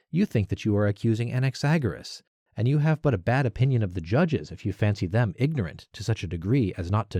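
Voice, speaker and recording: A man's voice: lowish voice, dark tone, no echo, studio quality. A man giving a dramatic reading of a philosophical dialogue, arguing in a rhetorical, questioning way that rises on key words. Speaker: reader of a classical text.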